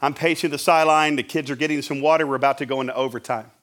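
A middle-aged male pastor preaches with a slightly higher voice than most men. He tells his story with lively, animated delivery and now and then acts out his own shouting. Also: rapid-fire. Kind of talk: sermon storytelling.

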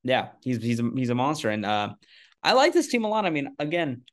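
Male podcast co-host, mid-pitched, loose and rambling, quick to laugh at himself. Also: very animated. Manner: rambling and self-deprecating, with frequent restarts. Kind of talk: casual sports chat.

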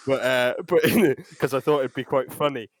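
A man's voice: medium pitch, fairly even intonation, moderate pace, no room sound. A man co-hosting a comedy podcast, bantering casually with self-mocking, sweary stories. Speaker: podcast co-host.

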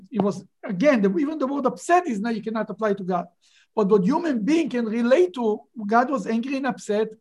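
Emphatic man teaching a Bible class. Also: high-pitched. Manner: animated, emphatic, rhetorical questions. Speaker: rabbi teaching a Torah class.

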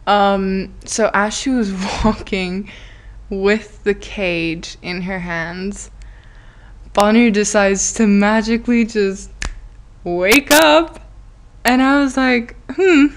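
A woman's voice: mid-range voice, fairly even intonation, slow pace. A woman hosting a podcast, telling a story in a chatty, giggly way, full of "like" and acted-out quotes. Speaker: podcast host. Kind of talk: casual storytelling monologue.

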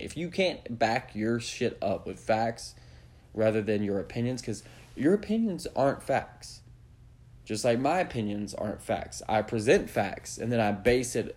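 Guy ranting on his podcast, swears constantly, lowish voice, blunt and lecturing. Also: a little mellow. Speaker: podcast host. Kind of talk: opinionated rant.

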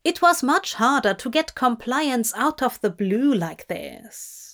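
A woman reads a story aloud at a slow, unhurried pace. Her voice sits fairly high, and her delivery stays even and measured throughout. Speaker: narrator. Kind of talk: scripted storybook narration.

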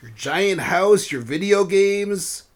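A man's voice: sits high, expressive, takes it slowly, voice pushed up. A man voicing an earnest, well-meaning young boy in a storybook tale, explaining eagerly.

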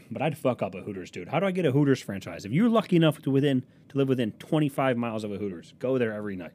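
A man's voice: mid-range voice, sing-song, quick pace, dark tone. A young man hosting his own podcast alone at a desk microphone, telling crude, rambling, self-mocking stories. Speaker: podcast host. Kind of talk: solo comedic podcast monologue. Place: small room at a desk, recording alone.

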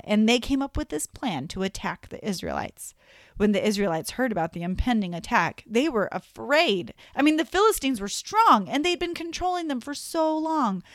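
Lively young woman teaching kids a Bible story. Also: fairly high pitch, no echo, clean studio sound. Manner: friendly, animated storytelling with asides to kids. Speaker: children's Bible lesson teacher.

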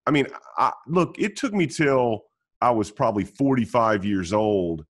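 A middle-aged man talking casually as a podcast guest, telling stories with halting restarts and frequent laughs. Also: mid-range voice, expressive.

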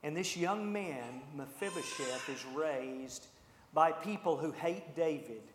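Male preacher, a bit high-voiced, lively storyteller, big roomy hall sound. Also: slow, noisy background. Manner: animated, acts out the characters' lines. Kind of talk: storytelling sermon. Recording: echoey hall with long reverb.

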